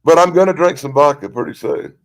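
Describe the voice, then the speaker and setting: A man's voice: a little high, a little fast. A man in casual group video chat, talking in a rambling, folksy way with frequent restarts. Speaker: community chat participant.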